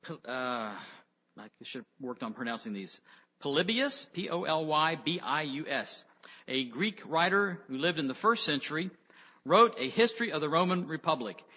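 A man giving a sermon, reading scripture slowly with emphasis and then explaining it in a conversational way. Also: a little high, animated, sharp tone, slightly rough. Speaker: preacher. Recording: dull lo-fi audio with long hall reverb.

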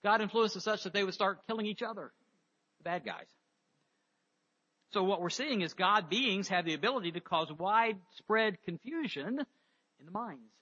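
A man's voice: high voice, normal speed, long pauses, pushed and bright, dull audio. A man preaching a sermon, reading scripture aloud and then explaining it with rhetorical questions.

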